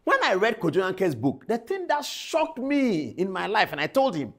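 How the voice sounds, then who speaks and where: A woman speaking in an indignant, pressing tone, her pitch climbing and dropping widely as she calls people out. Her voice sits in a middle register. It has the sound of on-air political commentary. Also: very animated, normal speed. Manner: indignant, addressing people directly.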